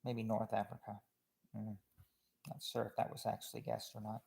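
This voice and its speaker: A man from Kentucky, hosting a game night and reading out guesses in a chatty, stop-and-start way, trailing off quietly. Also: lowish voice, little pitch movement, moderate pace, gravelly. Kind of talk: casual livestream game commentary.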